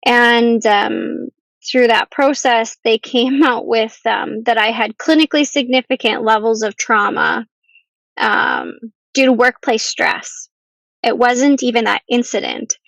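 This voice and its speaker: A woman telling a painful personal story as a podcast guest, earnest and halting, at times close to tears. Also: on the high side, fairly even intonation, gravelly, fairly bright tone, no room sound, rough recording. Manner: earnest, halting, with restarts and ums.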